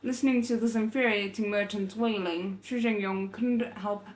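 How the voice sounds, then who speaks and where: A woman's voice: mid-range voice, steady tone, moderate pace, poor audio. A woman hosting a casual novel readalong, reading aloud and breaking off with laughing asides and self-corrections.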